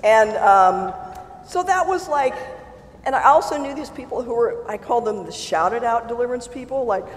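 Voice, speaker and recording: Churchgoer, personal testimony, animated, exclamatory, roomy echo, long reverb. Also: mid-range voice, normal speed. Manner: animated and exclamatory, often laughing mid-sentence. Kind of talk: casual storytelling testimony. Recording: roomy hall with long reverb and faint ambience.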